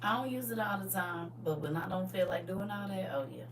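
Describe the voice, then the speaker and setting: A middle-aged woman hosting a casual livestream, talking in a lively, folksy way to her viewers and sometimes dropping to a soft whisper. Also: medium pitch, brisk. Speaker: livestream host. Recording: distant mic with faint hum.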